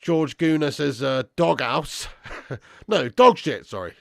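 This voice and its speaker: A man's voice: fairly high pitch, animated, extremely slow, gravelly, pauses often, fairly bright tone, no echo, studio quality. A young man hosting a football watch-along, reading out live chat with swearing banter and calling viewers lad and bro.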